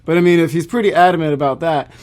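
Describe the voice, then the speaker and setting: A Catholic church musician chatting casually on a podcast, easygoing with frequent fillers. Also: male voice, fairly high pitch, steady tone, racing, darkish tone.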